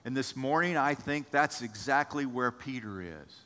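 A man preaching a sermon as pastor, animated, acting out the voices of people in the story. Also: mid-range voice, moderate pace, in a large hall.

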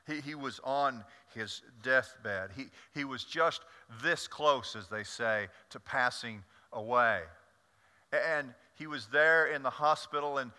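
A man preaching a sermon to his congregation as their pastor, telling stories with an animated delivery and often stumbling over repeated words. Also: mid-range voice, slow pace, clear, resonant tone. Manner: animated storytelling with frequent stammered repeats. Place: church sanctuary. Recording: long church reverb.

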